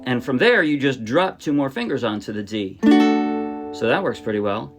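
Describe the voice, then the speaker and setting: A man at a middle pitch talks through a ukulele lesson in a relaxed, chatty way, restarting phrases as he explains. His own ukulele strumming rings loudly behind his voice. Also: normal speed, over loud music. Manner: chatty, friendly explaining with small self-corrections. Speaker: ukulele teacher. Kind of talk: casual music tutorial. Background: his own ukulele playing.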